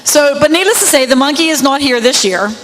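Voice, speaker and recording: A woman's voice: high-pitched, expressive, brisk, a bit bright, in a large hall, a little hiss or hum, poor audio. Chatty woman telling a story over a PA. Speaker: fair queen contest organizer and emcee. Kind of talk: storytelling at a podium. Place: outdoor fair stage with PA system.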